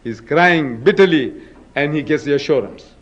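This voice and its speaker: A man's voice: a little high, moderate pace, dull audio. A man giving an emphatic public debate lecture, firing rhetorical questions at the audience and dramatizing quotes. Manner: dramatic, acts out scripture quotes. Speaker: speaker in a religious debate.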